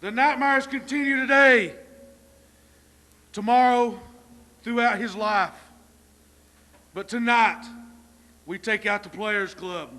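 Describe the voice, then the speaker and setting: A man cutting a slow, ominous, deliberate wrestling promo. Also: high-pitched, sharp tone. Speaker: pro wrestler. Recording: reverberant room.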